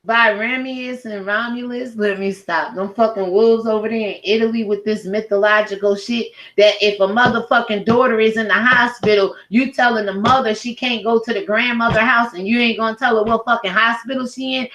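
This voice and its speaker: Woman, higher voice, YouTube commentator, angry profane rant, emphatic delivery. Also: steady tone, moderate pace, few pauses, fairly bright tone, poor audio.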